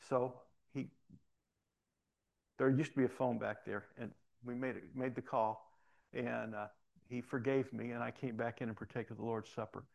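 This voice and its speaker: A man's voice: medium pitch, normal speed, gravelly. A man preaching in a church, talking in a folksy, conversational way and telling personal stories. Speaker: pastor. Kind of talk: sermon. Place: church sanctuary.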